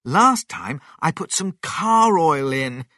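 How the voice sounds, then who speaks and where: A man voicing an eager young boy who blurts out excited lines. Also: a little high, takes it slowly, dry recording, studio quality, pitched above the performer's own voice, exaggerated voice. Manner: bright excited exclamations.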